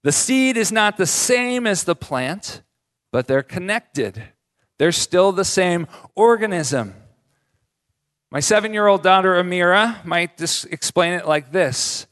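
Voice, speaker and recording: A man in his thirties delivers a sermon, his voice sitting a little higher than most men's. He preaches in an easygoing, conversational way and slips in jokes as he talks. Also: animated, slow pace, fairly bright tone. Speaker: pastor.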